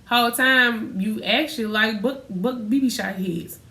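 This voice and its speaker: A woman co-hosting a casual podcast, telling stories and acting out quotes in a lively way. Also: on the high side, measured pace, reverberant, far from the mic. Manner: animated storytelling, acts out quotes loudly. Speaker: podcast co-host. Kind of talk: casual faith podcast chat.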